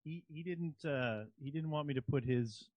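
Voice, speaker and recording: Co-host: a mid-pitched man, relaxed, who stumbles and restarts, heard on dry, muffled audio. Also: no echo. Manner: relaxed, halting, stumbling over words. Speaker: radio co-host and producer. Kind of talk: casual radio banter.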